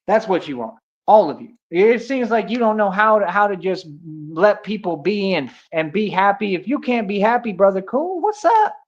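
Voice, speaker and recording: Heard through dull, lo-fi audio, a man goes off in a livestream rant, his high, expressive voice keeping a normal speed. As a streamer, he taunts and confronts, using lots of street slang.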